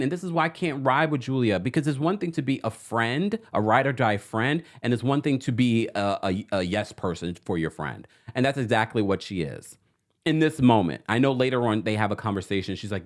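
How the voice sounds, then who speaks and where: A man hosting a livestream recap of a reality show, talking in a sassy, animated way and addressing the cast members directly. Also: mid-range voice, moderate pace. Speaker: podcast host.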